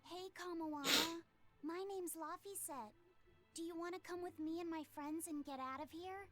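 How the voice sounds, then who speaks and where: An actress playing a gentle, shy young boy in a video game, speaking softly and kindly. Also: very high-pitched, moderate pace, music in the background. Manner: soft, kind.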